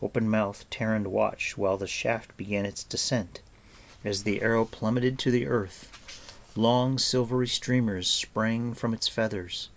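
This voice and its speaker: A man reading a fantasy novel aloud as audiobook narrator, soft and even. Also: lowish voice, measured pace, gravelly. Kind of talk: scripted narration.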